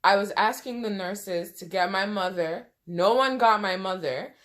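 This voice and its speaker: A woman's voice: mid-range voice, a little slow, fairly bright tone. A woman in a casual storytime vlog, talking conversationally with many "you know" asides and sounding emotional, close to tears at times. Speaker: vlogger.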